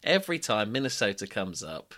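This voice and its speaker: Lively bright-voiced man. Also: on the low side, brisk. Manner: joking, chatty storyteller, laughs often. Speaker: podcast co-host. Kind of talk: casual chat.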